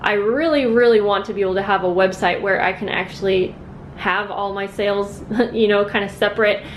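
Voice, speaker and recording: A woman's voice: medium pitch, steady tone, brisk, slight background noise. Chatty young woman rambling to camera. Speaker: craft vlogger. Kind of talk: casual chat to camera. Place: at home.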